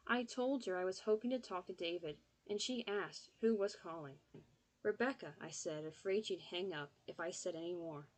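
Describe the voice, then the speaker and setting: A woman reading an audiobook in steady, scripted narration. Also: on the low side, moderate pace, few pauses, low-quality recording.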